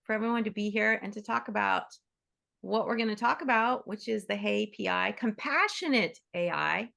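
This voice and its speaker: Chatty, enthusiastic woman with a gravelly edge. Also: medium pitch, normal speed, bright, forceful tone. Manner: enthusiastic, chatty, frequent restarts and "right?"; acts out quoted voices in bursts. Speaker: workshop host. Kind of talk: casual talk to an online group.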